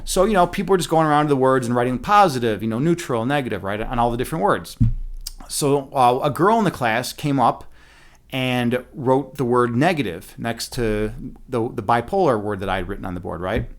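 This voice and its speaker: A man telling a story in a casual rant, animated and profane, with many fillers and restarts. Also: medium pitch, fairly quick. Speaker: streamer.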